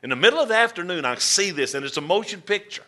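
A middle-aged preacher with a drawl tells a vivid story from the pulpit. His tone is bright and forward, a little above the usual male pitch, rising to loud bursts and dropping to near murmurs. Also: lively intonation, fast. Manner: folksy, drawling Southern-style delivery with dramatic swings in volume. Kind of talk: storytelling sermon.

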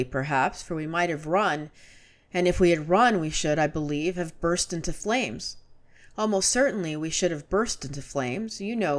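A woman reading a classic story aloud as narrator, measured and storytelling. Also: fairly low pitch. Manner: measured, storytelling, rising to urgent shouts in dialogue.

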